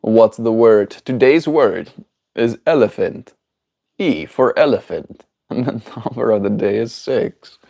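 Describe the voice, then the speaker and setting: A man's voice: medium pitch, lively intonation, slow, gravelly, mellow. A man chatting casually on his daily livestream, rambling and playful as he answers his chat. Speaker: daily streamer.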